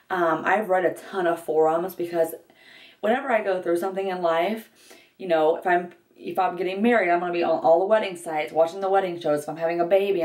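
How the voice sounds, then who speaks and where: A woman's voice: fairly low pitch, a little mellow, far from the mic. A young woman talking candidly to the camera in a vlog while doing her makeup, with lots of fillers and restarts. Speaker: vlogger. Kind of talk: get-ready-with-me vlog. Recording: echoey room, voice a bit off-mic.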